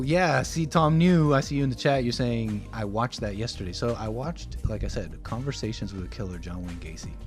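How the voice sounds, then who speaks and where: A man in his twenties hosting a casual livestream, rambling and reading viewer messages aloud. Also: mid-range voice. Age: 20s. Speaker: livestream host.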